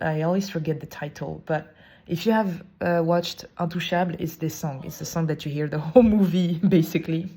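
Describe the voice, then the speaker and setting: A woman hosting a podcast, telling a personal story in a casual, expressive monologue with fillers slipped in. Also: low voice. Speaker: podcast host.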